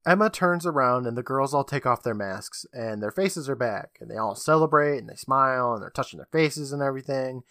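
A man's voice: medium pitch, lively intonation, brisk, hardly any pauses, sharp tone, no room sound, studio quality. A man co-hosting a podcast, recapping an episode in a casual, joking storytelling manner with casual swearing. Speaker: podcast co-host.

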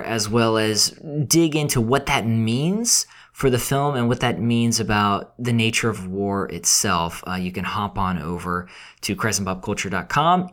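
A man's voice: medium pitch, fairly bright tone. A man co-hosting a film review podcast, talking in an easygoing, slightly hesitant way. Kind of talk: conversational podcast talk.

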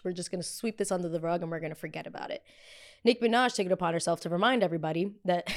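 Blunt gossipy woman host. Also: lowish voice. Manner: blunt, gossipy and profane, with frequent tangents. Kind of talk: casual pop culture commentary.

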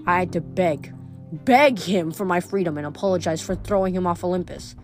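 A woman's voice: on the low side, fairly quick, lightly acted. Haughty, clipped goddess queen, read by a woman for an audiobook; faint music behind. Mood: scolding. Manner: clipped, commanding.

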